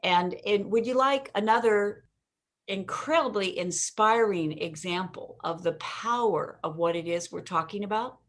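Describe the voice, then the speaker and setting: An energetic woman answering interview questions, her voice sitting at an ordinary middle pitch. She tells stories with emphasis and punch and is quick to laugh at her own jokes. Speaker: interview guest, communication expert. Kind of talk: conversational interview.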